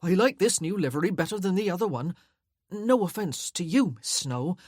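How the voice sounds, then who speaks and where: A man's voice: high-pitched, animated, normal speed, darkish tone, slightly rough, no echo, clean studio sound. Woman doing a chirpy chatty young footman. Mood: cheerful. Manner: cheerful, talkative, eager.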